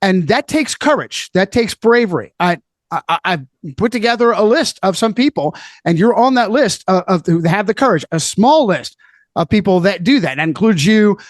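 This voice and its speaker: A man's voice: high voice, expressive, moderate pace, no room sound. A man speaking as a podcast guest, emphatic and preachy, hammering his points by repeating phrases in casual chat.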